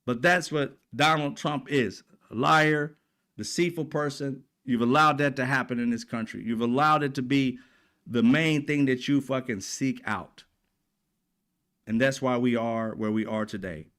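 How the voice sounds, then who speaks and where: A man's voice: mid-range voice, measured pace, fairly bright tone. A man hosting his own commentary channel, delivering a heated, profane political rant. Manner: profane, fired up, repetitive.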